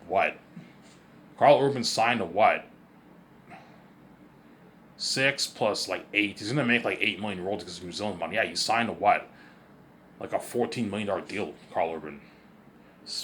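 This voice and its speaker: A man's voice: low-pitched, a bit bright, a little hiss or hum. A man rambling through a casual vlog monologue, repeating himself often and sounding boastful and sure of himself. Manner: repetitive, boastful, self-assured. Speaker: vlogger.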